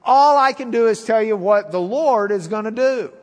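A man's voice: high voice, moderate pace, in a large hall, lightly acted. A man voicing a boastful, defensive male diviner in a retold story during a sermon. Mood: protesting. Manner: pompous, protesting.

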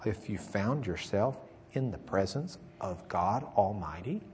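A man's voice: fairly low pitch, lively intonation, a little slow, slight background noise. Man preaching a folksy sermon. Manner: folksy, tells jokes, swings from loud emphasis to quiet.

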